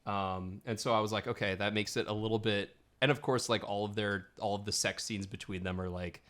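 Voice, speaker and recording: Bright-voiced, low man chatting casually. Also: a little fast. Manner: chatty and animated, laughs often, heavy use of "like". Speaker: podcast co-host. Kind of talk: casual film-discussion chat.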